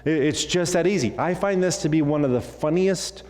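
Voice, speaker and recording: A man preaching a sermon as pastor. He talks in an animated way, acts out bits of dialogue and throws in jokey asides. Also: fairly high pitch, moderate pace, in a large hall. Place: church sanctuary.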